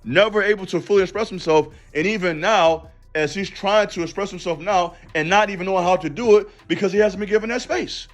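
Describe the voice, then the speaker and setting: A man giving a passionate, preachy commentary monologue on his channel, direct and full of slang. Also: a little high. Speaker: YouTube commentator and counselor.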